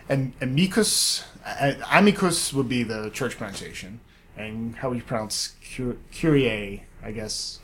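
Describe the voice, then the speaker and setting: A man co-hosting a relaxed podcast chat, set at an ordinary middle pitch. He explains at length and wanders from point to point, with plenty of ums and restarts. He talks in a loose, conversational way. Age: adult, studied Latin up to eleventh grade. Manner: chatty, digressive, explains at length with fillers and restarts. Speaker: podcast co-host. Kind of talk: casual chat.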